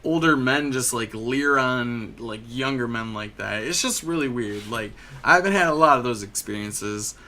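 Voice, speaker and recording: A man's voice: medium pitch, moderate pace, hardly any pauses, bright, forceful tone. A young man from Michigan hosting a podcast, telling stories in a rambling, casual way with lots of filler and swearing. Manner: rambling storyteller, heavy filler "like", frequent swearing. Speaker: podcast host. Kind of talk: casual chat.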